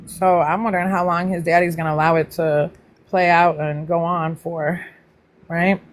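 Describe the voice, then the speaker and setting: A woman chatting casually with viewers on her livestream, greeting them by name and teasing them playfully. Her voice jumps up high whenever she welcomes someone. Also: little pitch movement, normal speed. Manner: pitch jumps up high when greeting people. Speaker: livestream host.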